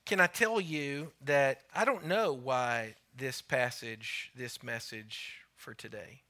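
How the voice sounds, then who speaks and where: A man's voice: mid-range voice, slow pace, sharp tone. A man preaching a sermon in a church, emphatic and repetitive, sometimes dropping his voice to near a whisper.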